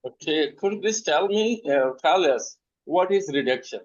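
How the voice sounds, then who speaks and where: A man's voice: a little high, animated, normal speed. Hesitant man, dull lo-fi audio. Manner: hesitant, searching for words. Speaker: interviewer.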